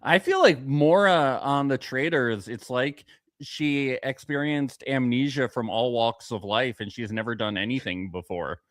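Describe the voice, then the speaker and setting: A man's voice: medium pitch, a little slow, a bit bright, dry recording. A man co-hosting a podcast, chatting casually and animatedly, swearing freely. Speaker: podcast co-host.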